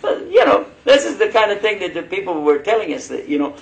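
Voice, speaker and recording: A man preaching a sermon, telling personal stories in a lively way and laughing as he goes. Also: high-pitched, a little fast, creaky, rough recording. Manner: animated, laughing storyteller. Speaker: Muslim preacher.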